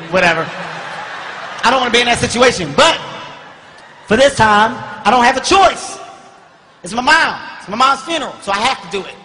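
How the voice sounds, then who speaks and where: A man performing a stand-up comedy routine, telling a story animatedly and often shouting, recorded live on stage. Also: very high voice, expressive, fairly quick, pauses often, in a large hall, noisy background. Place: comedy stage before large audience.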